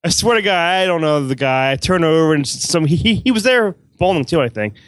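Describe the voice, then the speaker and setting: A man's voice: on the high side, expressive, fast talker, no room sound. A man co-hosting a podcast in casual chat over a video call, rambling and repeating himself, with some swearing. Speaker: podcast co-host.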